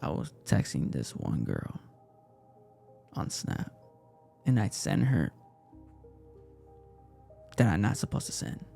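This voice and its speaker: A young man retelling a personal story in an emotional, halting way, repeating himself often. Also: sits low, huge pitch swings, gravelly, warm tone, faint music behind. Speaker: casting participant.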